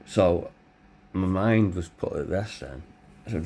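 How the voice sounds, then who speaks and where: Blunt, deep-voiced middle-aged man. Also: slow, mellow. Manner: blunt, candid, swears freely. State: hoarse, voice tiring. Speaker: vlogger. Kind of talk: personal storytelling.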